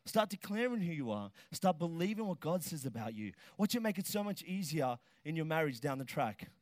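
A middle-aged man delivers a sermon in a high, lively voice. He jokes, then rises to shouted emphasis. The sound is close and dry, with no room around it. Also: brisk, dry recording. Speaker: pastor.

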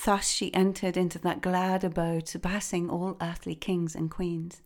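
A woman telling a traditional folk tale in a gentle, expressive reading. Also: fairly low pitch, normal speed. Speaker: storyteller. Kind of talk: storytelling narration.

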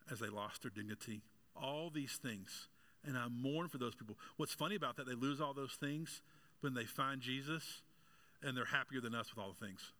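A man's voice: medium pitch, pushed and bright. A man preaching a sermon as pastor, asking his congregation questions and mixing in jokes as his delivery builds in intensity. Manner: joking aside with congregation members.

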